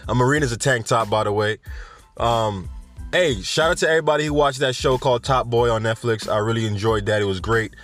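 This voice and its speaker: A man's voice: mid-range voice, fairly bright tone. A man from Jamaica hosting a casual cannabis news podcast, rambling and joking with slangy asides. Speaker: podcast host.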